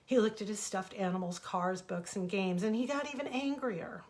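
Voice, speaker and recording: A woman author reading her own fables aloud as bedtime stories, gentle and expressive, into a webcam. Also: medium pitch, moderate pace.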